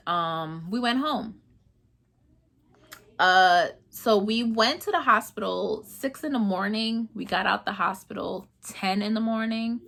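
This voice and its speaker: A woman's voice: medium pitch, gravelly. A young woman casually telling the story of her son's hospital stay, acting out the back-and-forth of each conversation. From New York, USA. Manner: animated retelling, acting out dialogue.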